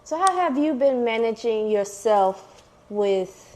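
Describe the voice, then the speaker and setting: A woman's voice: fairly high pitch, lively intonation, slow pace, warm tone. A woman co-hosting a casual podcast chat, mostly giving short supportive replies and asking caring questions. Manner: supportive listener, frequent short affirmations.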